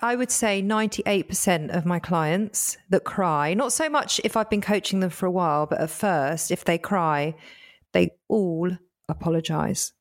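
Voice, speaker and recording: A woman's voice: fairly low pitch, unhurried. A woman who works as a coach, co-hosting a podcast and steering the chat emphatically. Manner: emphatic, drives the discussion.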